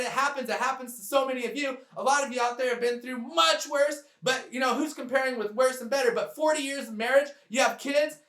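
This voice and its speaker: Man, very high voice, sharp bright tone, earnest heartfelt vlog talk, echoey room. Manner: earnest, heartfelt address to viewers. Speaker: sailing channel creator. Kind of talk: direct-to-camera vlog talk.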